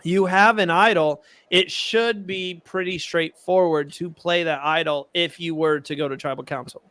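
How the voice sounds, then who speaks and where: A man co-hosting a podcast, talking in a casual, excitable, animated way. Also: fairly high pitch, normal speed, no room sound. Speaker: podcast co-host. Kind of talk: casual chat.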